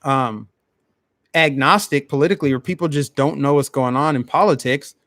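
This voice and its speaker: A man's voice: medium pitch, moderate pace, fairly bright tone, no room sound, clean studio sound. A man hosting a live stream, ranting bluntly in casual commentary and talking straight to his chat.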